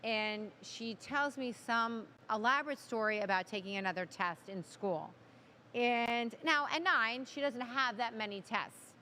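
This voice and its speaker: A middle-aged woman tells a long family story in casual chat, chatty and full of asides. Her voice is bright and sits a little high. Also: a little hiss or hum. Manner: chatty, talks fast with asides. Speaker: co-host.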